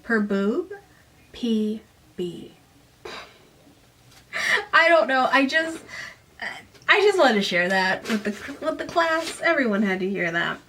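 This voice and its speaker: A woman's voice: high-pitched, big pitch swings, moderate pace, pushed and bright, a little hiss or hum. This is a young woman giving a casual, chatty recap of a teen novel. She reads bits aloud, then drops them to tease the text with sarcastic asides. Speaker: book reviewer. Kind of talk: casual book recap with read-aloud passages.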